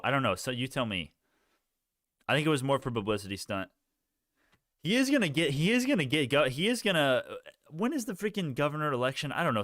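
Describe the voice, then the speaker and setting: Young male streamer, loose and rambling to his chat, clear resonant tone, dead-dry sound. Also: mid-range voice, fairly bright tone, no room sound. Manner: rambling, talks to chat, restarts often. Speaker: stock live-streamer. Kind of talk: casual livestream chat.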